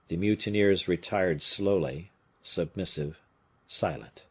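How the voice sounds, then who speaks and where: A man reading a classic novel aloud as an audiobook narrator, with an expressive, dramatic delivery. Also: low voice, moderate pace, slightly rough.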